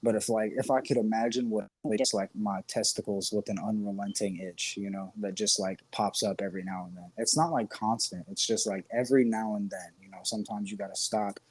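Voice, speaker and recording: A man co-hosting a casual podcast, spinning long crude jokes in a husky, slightly rough voice. He swears freely, restarts his sentences and breaks into laughter along the way. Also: fairly low pitch, steady tone, brisk, few pauses. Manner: rambling, profane, joking, laughs often. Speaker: podcast co-host.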